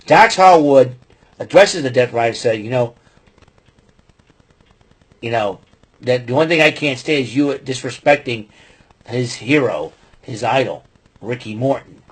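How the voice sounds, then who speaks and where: A man with a husky, breathy voice talks through a wrestling broadcast in casual podcast style. He rambles, piles up fillers and gives his opinions freely. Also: mid-range voice, unhurried, long pauses. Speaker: podcast host. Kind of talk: casual wrestling show recap.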